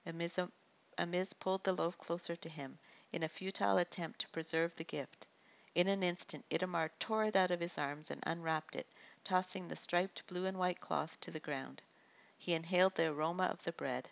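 A woman narrating a story aloud at a steady pace, with small slips. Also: low-pitched, normal speed, gravelly, muffled recording. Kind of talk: audiobook narration.

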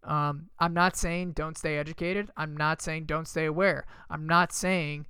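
A man's voice: a little high, flat delivery, measured pace, sharp tone, clean tone, no room sound. A man hosting a motivational podcast, talking casually and emphatically, with lots of fillers and some swearing. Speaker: podcast host and coach.

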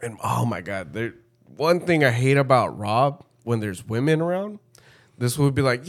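A man's voice: medium pitch, moderate pace. Young male storyteller, casual and foul-mouthed, ordinary middle voice. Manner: profane, animated storyteller.

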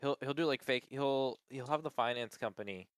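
A man in casual chat, telling a story in an animated way and filling his talk with "like". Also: normal speed, clean tone, no echo, studio quality. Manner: animated storyteller, acts out quoted people in high voices, heavy use of "like".

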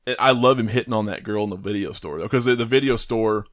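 A man co-hosting a casual movie chat, enthusiastic and quick to quote favorite lines in put-on voices. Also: lowish voice, no room sound, clean studio sound. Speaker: podcast co-host.

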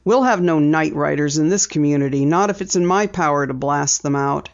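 A woman narrator reads the part of a gruff, middle-aged newspaper editor, brisk and probing, in a lowish voice. The recording is dull and lo-fi.

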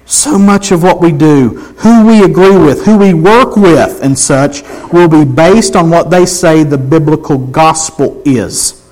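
A man preaching a sermon, emphatic, swinging between loud exclamations and hushed intensity. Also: a little high, a little slow, few pauses, poor audio.

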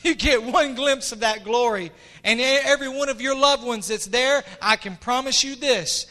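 A middle-aged man preaching a sermon as pastor, impassioned, dropping to hushed tones and rising to shouts. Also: very high voice, moderate pace, few pauses.

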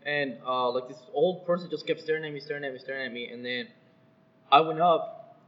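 A man co-hosting a podcast, chatting in a relaxed, slangy way and trailing off. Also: medium pitch, a little fast, dull audio. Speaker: podcast co-host. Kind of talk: casual podcast chat.

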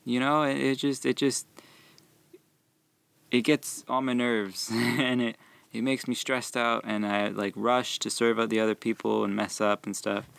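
A young man who works at a movie theater concession stand, telling rambling, animated stories about customers and laughing as he goes. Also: medium pitch, unhurried, gravelly, smooth, no room sound. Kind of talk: casual storytelling about work.

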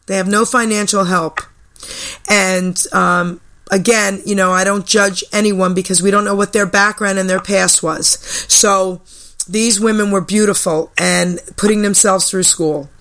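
An older woman hosting a radio talk show, telling a personal story in a chatty way. Her voice is bright and clear. She acts out the people she quotes. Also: mid-range voice, fairly even intonation, unhurried. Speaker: radio host. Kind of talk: storytelling chat. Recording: radio broadcast.

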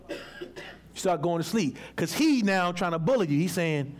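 A man preaching a sermon as pastor, colloquial and animated, acting out little voices and calling on helpers to read. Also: high-pitched, moderate pace. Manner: teaches with props and volunteers, calls on readers.

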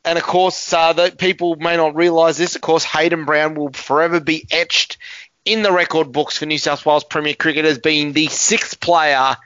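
Australian male sports host, bright tone, dry slightly dull recording; energetic announcer delivery. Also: on the high side, moderate pace, clean tone, dry recording. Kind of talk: radio sports show hosting.

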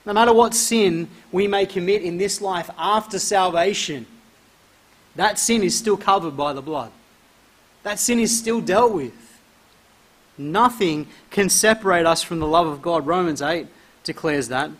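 High-voiced male preacher, emphatic. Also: a little slow, a bit bright. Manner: emphatic preaching, reads scripture aloud. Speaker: pastor. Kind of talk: sermon.

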